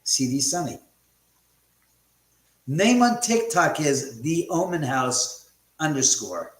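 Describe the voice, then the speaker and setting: A man's voice: on the high side, sing-song, takes it slowly. A middle-aged man hosting a casual livestream from his house, chatting and joking with viewers and cursing freely as he reads their comments. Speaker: livestream host. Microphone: phone. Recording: echoey room.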